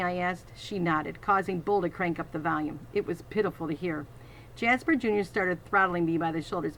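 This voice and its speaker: A woman's voice: fairly low pitch, a little fast, fairly bright tone, a little hiss or hum, poor audio. A woman reading a children's novel aloud, adding teacherly asides to her listeners. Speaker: reader.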